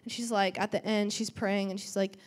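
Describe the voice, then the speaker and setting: A teenage girl gives a chatty church testimony, peppered with "um" and "like," acting out the lines she quotes. Her voice is medium in pitch, a little fast, with little pitch movement.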